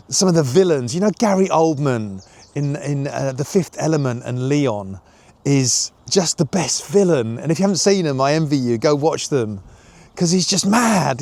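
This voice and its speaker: A man's voice: on the high side, a little mellow. A man talking to camera in a reflective personal vlog, musing and self-questioning, with frequent fillers. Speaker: YouTuber.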